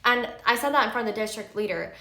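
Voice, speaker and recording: A woman's voice: on the high side, quick pace, pushed and bright, echoey room. A woman in her thirties, a pharmacy technician about to become a nurse, venting emphatically in a candid vlog storytime full of fillers. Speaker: pharmacy technician and nursing student.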